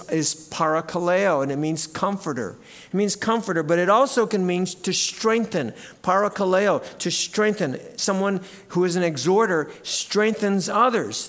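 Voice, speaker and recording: A man preaching a sermon as pastor in a church, animated and at times shouting out cheers. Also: high-pitched. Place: church sanctuary.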